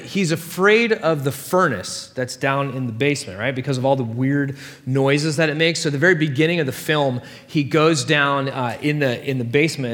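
A man preaching a sermon as pastor, telling stories in a casual, animated way with playful asides. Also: mid-range voice. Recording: long hall reverb.

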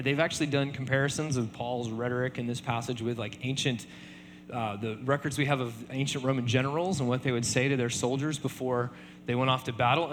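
A man preaching a sermon in a relaxed conversational way, often checking in with "right?". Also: medium pitch, big-room sound, slight background noise. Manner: conversational, many fillers and repeated tag questions. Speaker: pastor.

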